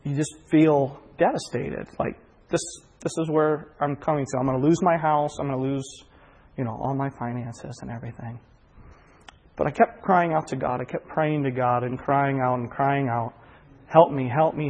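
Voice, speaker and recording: In a large hall with long reverb, a man with a medium-pitched, slightly mellow voice gives a sermon-like personal testimony, heartfelt and earnest, frequently stumbling over repeated words.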